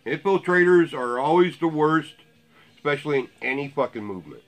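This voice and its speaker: A man's voice: on the high side, animated, fairly quick, faint music behind. A man ranting in blunt, profane, sarcastic commentary to his viewers. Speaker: vlogger.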